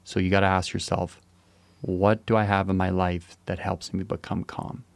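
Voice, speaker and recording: A man's voice: low voice, little pitch movement, moderate pace, creaky, no echo. A man co-hosting a podcast, telling rambling stories in a laid-back, joking way. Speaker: podcast co-host. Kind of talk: casual chat.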